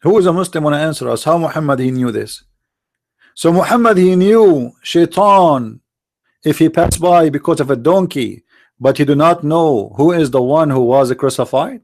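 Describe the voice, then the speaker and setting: Male streamer, gravelly voice, higher pitch, sneering rhetorical questions. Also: animated, moderate pace, a little mellow. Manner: sarcastic, broken grammar, rhetorical taunts. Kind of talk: sarcastic mocking monologue.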